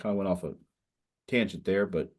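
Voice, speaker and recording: A man's voice: deep voice, a little fast, darkish tone. A middle-aged man speaking as a state senator to students, talking casually and rambling with frequent fillers. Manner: rambling, conversational, frequent "you know".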